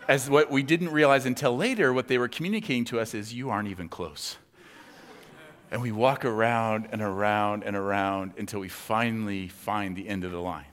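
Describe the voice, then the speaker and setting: A man's voice: on the low side, moderate pace, a bit bright. A man giving a sermon as a conversational story, with many fillers and acted-out quotes. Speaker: pastor. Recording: long hall reverb.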